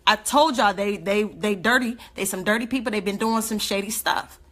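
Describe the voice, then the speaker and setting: Bright-voiced woman, impassioned rant. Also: mid-range voice, normal speed. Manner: emotional, indignant, rhetorical questions. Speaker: activist speaking on a livestream.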